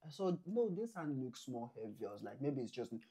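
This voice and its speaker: Animated man telling a story. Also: mid-range voice, fairly quick, breathy edge. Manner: animated, acts out quotes, Nigerian Pidgin touches. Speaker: vlog co-host. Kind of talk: casual storytelling chat.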